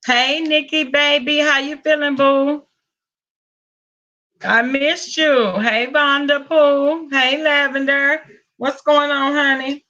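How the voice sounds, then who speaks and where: Southern woman streamer, high bright voice, chatty with her viewers, slow easy delivery. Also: steady tone, lo-fi sound. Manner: greets viewers with pet names, Southern US slang. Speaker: livestream host. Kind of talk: casual live-stream chat.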